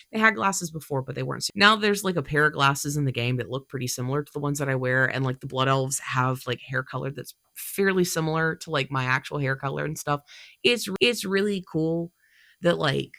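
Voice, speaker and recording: A woman's voice: deep voice, moderate pace, sharp tone, no echo, clean studio sound. A young woman talking casually about her cosplay hobby, chatty and full of fillers, her voice congested from allergies. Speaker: cosplay creator. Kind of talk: casual vlog talk.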